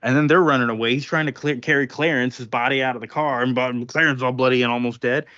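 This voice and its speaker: A man's voice: mid-range voice, steady tone, fast talker, pushed and bright, no room sound, highs cut off. A man casually recapping a comic book on a podcast, rambling with fillers and acting out lines of dialogue. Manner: rambling, laughing, acts out quotes. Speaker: podcast co-host.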